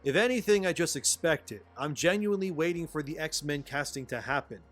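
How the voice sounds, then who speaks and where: A man's voice: on the high side, a little fast, fairly bright tone, faint music behind. A man reading scripted pop-culture commentary in a sarcastic, exasperated way. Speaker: commentary video narrator.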